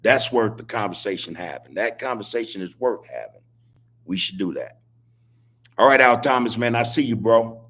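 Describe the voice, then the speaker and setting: A man talks to his live chat in a podcast monologue, repeating lines and preaching in casual street slang. His voice sits low and has a husky grain to it. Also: animated, normal speed, fairly bright tone. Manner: preachy, repetitive street talk, laughs as he speaks. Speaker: podcast host.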